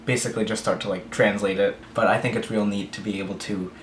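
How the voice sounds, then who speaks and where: Sore-mouthed after dental surgery, a man vlogs to camera about learning languages, speaking carefully and a bit overpronounced. His voice is lowish and steady, and he talks fast, in a roomy space with slight background noise.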